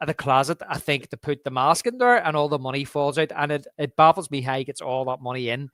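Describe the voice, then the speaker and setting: A man's voice: on the high side, fast, clear, resonant tone, dry recording, clean studio sound. Man chatting about a film. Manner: animated, acts out quoted lines, laughs often. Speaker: podcast co-host. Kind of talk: casual film chat.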